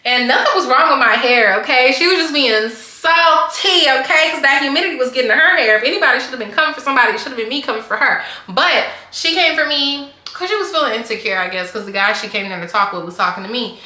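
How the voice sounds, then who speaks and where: A woman's voice: high voice, quick pace, hardly any pauses, bright, forceful tone. A young woman telling a casual storytime, chatty and full of "like" and restarts. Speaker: vlogger. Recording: echoey room.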